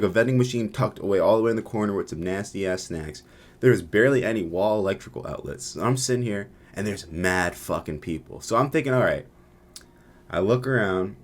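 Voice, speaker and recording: A young man telling a rambling, profane story in a casual vlog, acting out the people he met. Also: deep voice. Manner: profane, rambling, animated retelling.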